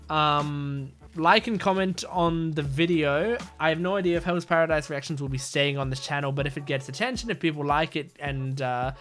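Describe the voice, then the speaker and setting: A man's voice: a little high, fairly bright tone. Hesitant young man on a headset. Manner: hesitant, many ums and restarts. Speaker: anime reaction channel host. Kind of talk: casual reaction commentary.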